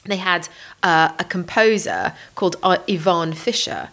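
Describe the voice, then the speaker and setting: A woman's voice: fairly low pitch, a little slow, fairly bright tone. A woman co-hosting a podcast, chatting in a dry, amused way with hesitant fillers. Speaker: podcast co-host. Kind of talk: casual chat.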